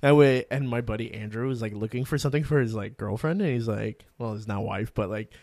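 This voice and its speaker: A man's voice: fairly low pitch, fairly quick, darkish tone, dry recording, studio quality. A young man co-hosting a podcast, rambling through funny stories with lots of swearing and laughter. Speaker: podcast co-host. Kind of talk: casual chat.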